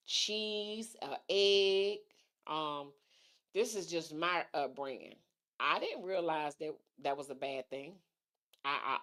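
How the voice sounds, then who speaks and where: A middle-aged woman hosts a casual livestream talk show, reading viewer comments aloud, thinking out loud and repeating her phrases. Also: sits low.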